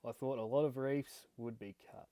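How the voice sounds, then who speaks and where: An Australian man talks through a gold prospecting vlog in a casual, halting way, reading an old letter aloud. His voice is gravelly and mellow. The sound is close and dry. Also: mid-range voice, no echo, rough recording. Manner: casual, hesitant, many ums and restarts.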